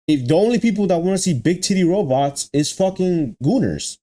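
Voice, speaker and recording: A man's voice: mid-range voice, expressive, moderate pace, mellow. A young man hosting an anime reaction video, ranting in exasperation, repeating himself and using lots of slang, and talking straight to his viewers. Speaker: anime reaction channel host.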